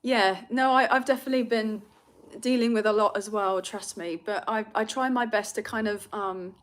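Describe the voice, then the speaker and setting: Speaking at a moderate pace in a mid-range, fairly even voice, this young Londoner runs a casual tarot livestream from Britain. She reads comments and talks with viewers emotionally, rambling along with filler words and nervous laughter.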